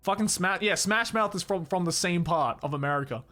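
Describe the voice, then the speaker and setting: A man's voice: high-pitched, brisk, sharp tone, faint music behind. A young Australian man streaming in a studio, chatting casually and animatedly. He swears often and laughs a lot. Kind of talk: casual chat. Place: studio, indoors.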